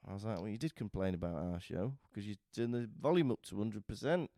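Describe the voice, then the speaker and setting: A man's voice: on the low side, brisk, few pauses, no room sound, clean studio sound. A man co-hosting a podcast in casual chat, telling an anecdote animatedly and acting out what others said. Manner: animated storytelling, acting out other people's lines. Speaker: podcast co-host.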